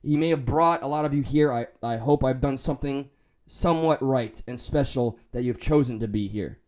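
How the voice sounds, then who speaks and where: A man's voice: medium pitch, moderate pace, darkish tone. Profane New York man chatting casually. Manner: profane, candid, rambling, joking. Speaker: livestream host reading chat. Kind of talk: casual livestream chat.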